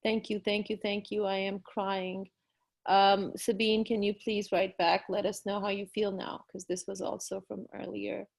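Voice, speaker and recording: A woman's voice: mid-range voice, level tone, normal speed, vocal fry. A woman hosting a live online stream, effusive and encouraging, reading viewer comments aloud with frequent fillers.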